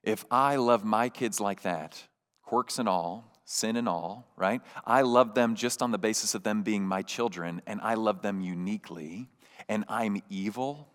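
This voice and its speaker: A man in his thirties delivering a sermon in a fairly low voice. He talks to the congregation like friends, earnest and conversational, often restarting and checking in with "right?". He laughs warmly now and then. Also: a little slow. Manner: laughs warmly while telling stories. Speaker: pastor.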